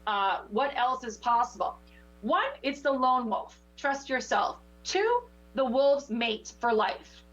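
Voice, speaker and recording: A woman working as a spiritual teacher who gives oracle card readings and coaching in a passionate, preachy, lively way. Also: fairly high pitch, slow pace, highs cut off, faint music behind. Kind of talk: intuitive coaching chat.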